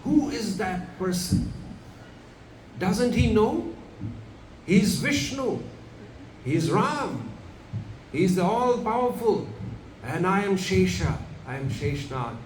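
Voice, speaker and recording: Boastful young male god, put on by a man, slow and lofty, roomy distant sound. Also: high-pitched, big pitch swings, pitched above the performer's own voice, heavily acted. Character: boastful mighty young male god, protective elder brother. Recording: echoey room from far off, background noise.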